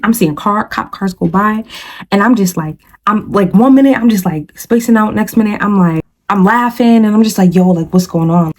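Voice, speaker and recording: Young woman, vlogger, casual storytime, slangy, animated, talks to viewers directly. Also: on the high side. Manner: animated and slangy, addresses viewers as "you guys" and "y'all".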